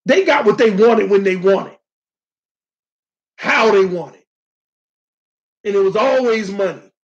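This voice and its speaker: Man, high voice, sports livestream host, casual, animated, talks to viewers. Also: takes it slowly, dull audio. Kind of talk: casual live-stream sports talk.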